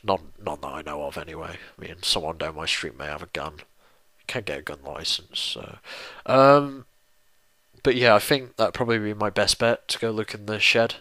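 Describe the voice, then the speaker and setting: A young Englishman rambles through a casual viewer Q&A on his YouTube channel, poking fun at himself and swearing mildly. His low voice is sharp with fairly even intonation, delivered at normal speed with no echo.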